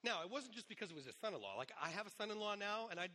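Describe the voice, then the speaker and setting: A middle-aged male pastor preaching a sermon, hoarse today, in a conversational way with asides. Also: sits high, big pitch swings, rapid-fire, sharp tone.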